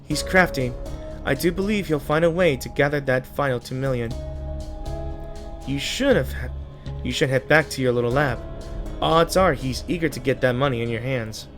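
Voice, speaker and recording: A man's voice: medium pitch, normal speed, over music, natural voice. A man reading as a cool, calculating woman schemer. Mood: calm.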